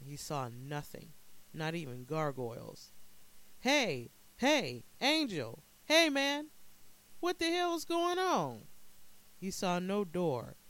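A man narrating a dark short story in a measured, dramatic way. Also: on the high side, low-quality recording.

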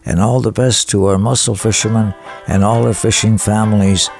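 A man hosting a radio show, introducing songs and reading listener greetings in an enthusiastic, halting way full of fillers. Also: on the low side, fairly even intonation, creaky, a little mellow, faint music behind. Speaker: radio host. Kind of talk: radio dedications and song intros.

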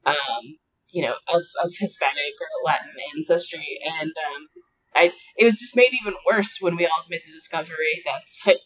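A woman's voice: deep voice, moderate pace, a bit bright, rough recording. A woman co-hosting a casual podcast, speaking hesitantly and filling her thoughts with "like" and "um". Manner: hesitant, heavy use of "like" and "um". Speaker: podcast co-host. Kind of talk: casual chat.

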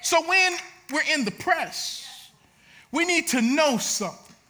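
A man preaching a sermon, swinging between shouted lines and quieter teaching. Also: extremely high pitch, animated, slow pace, noisy background. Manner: shouting, preaching with rising intensity.

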